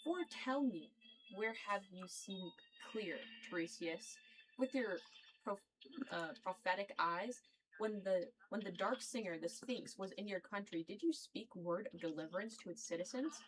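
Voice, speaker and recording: A woman's voice: mid-range voice, normal speed, slight background noise, natural voice, poor audio. Woman reading a proud, angry ancient king. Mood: accusing. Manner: reads flatly, stumbling over old wording. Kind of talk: casual read-aloud of a play.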